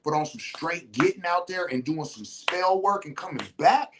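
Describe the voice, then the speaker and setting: A host giving a casual monologue, emphatic and slangy, with blunt profanity and big swings in pitch. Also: animated, moderate pace, noisy background.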